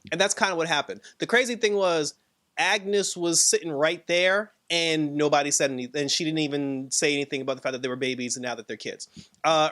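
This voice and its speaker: A man casually reviewing a TV episode, laughing often and acting out characters' lines. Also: fairly bright tone. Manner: laughing, filler-heavy, acts out quotes in a high voice. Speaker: show reviewer.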